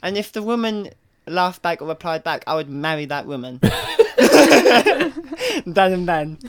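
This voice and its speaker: A man's voice: fairly high pitch, unhurried. A man in a casual chat who talks in a playful, giggly way.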